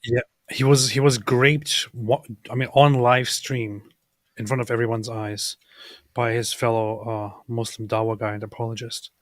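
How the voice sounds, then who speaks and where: Deadpan man on a dry livestream. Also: medium pitch, moderate pace, dry recording. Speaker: co-host. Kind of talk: casual livestream chat.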